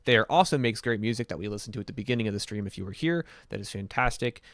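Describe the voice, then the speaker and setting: A man's voice: on the low side, animated, fast talker, fairly bright tone, no room sound, clean studio sound. A man hosting a live music stream, chatting casually in an easygoing, rambling way with many fillers. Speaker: livestream host and musician.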